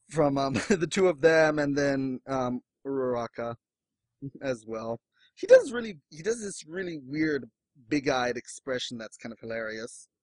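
A man chats animatedly about manga as a podcast co-host, switching to exaggerated high voices for quotations. The recording is dry.

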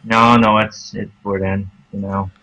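A man's voice: lowish voice, level tone, unhurried, sharp tone, rough recording. A man co-hosting a casual manga chat with joking asides.

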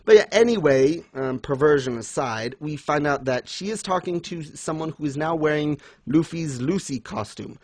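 A man casually chatting as co-host, animated and quick to laugh, acting out lines he retells. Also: on the high side, no echo. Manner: animated, laughs often, acts out quotes. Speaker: podcast co-host. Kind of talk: casual fan discussion.

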